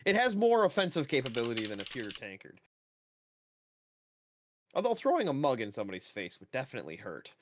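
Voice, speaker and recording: A man's voice: medium pitch, huge pitch swings, quick pace, pauses often, dry recording. A man playing a tabletop game, chatting in a rambling, offhand way. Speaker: player. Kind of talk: casual tabletop game chat. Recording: dull lo-fi dry mic.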